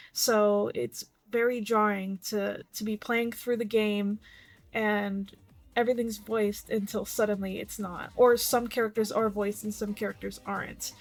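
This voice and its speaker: A woman's voice: medium pitch, no room sound. A woman vtuber giving casual, blunt commentary, swearing freely and reading posts aloud.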